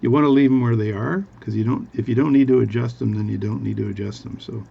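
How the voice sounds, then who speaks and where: A man's voice: mid-range voice, fairly even intonation, quick pace, gravelly, husky, dull audio. A man casually chatting while cleaning a watch at his bench, rambling with jokey asides. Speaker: hobby watchmaker. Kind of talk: casual workbench tutorial chat. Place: home workbench.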